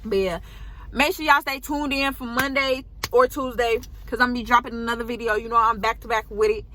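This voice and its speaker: An eighteen-year-old woman vlogger telling a casual storytime, animated and full of slang and swearing. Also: fairly high pitch, fairly quick, background noise.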